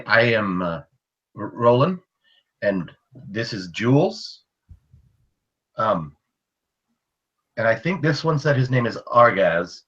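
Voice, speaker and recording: A man taking part as a player in a tabletop role-playing game, speaking in a halting, earnest way with many restarts. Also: fairly low pitch, pushed and bright, highs cut off.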